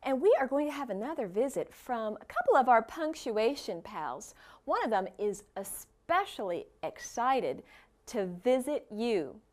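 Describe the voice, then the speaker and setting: A woman teacher leading a video lesson for young children, speaking in a slightly high voice. Her pitch moves a lot as she explains, and she encourages the pupils warmly. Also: big pitch swings, measured pace.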